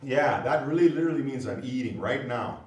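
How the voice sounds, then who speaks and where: A man with a mid-range voice speaks fairly quickly while teaching a language class. He is lively, explains patiently and often checks that his students are following. The recording is echoey and picked up from far away.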